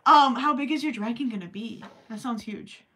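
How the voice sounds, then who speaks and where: Animated woman chatting on a craft stream. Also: on the high side, normal speed, far from the mic, a little hiss or hum. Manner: animated, emphatic, trails off to near-whispers. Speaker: crochet live streamer. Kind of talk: casual live stream chat.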